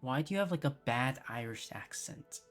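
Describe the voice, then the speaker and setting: A woman's voice: very deep voice, lively intonation, moderate pace, faint music behind. A woman streaming a video game, chatting casually and playfully with lots of fillers. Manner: playful, hesitant, full of fillers. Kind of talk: casual gameplay commentary.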